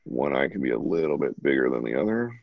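Deep-voiced man teaching drawing at home. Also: big pitch swings, fast, creaky, no room sound. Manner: casual, chatty, talks while drawing. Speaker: drawing instructor. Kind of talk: live online drawing lesson. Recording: dull lo-fi, dry sound.

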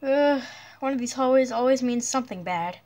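A woman voicing a jumpy young blocky hero in a cartoon adventure, hesitant, with many nervous pauses and yelps. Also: sits high, darkish tone, close to an everyday voice.

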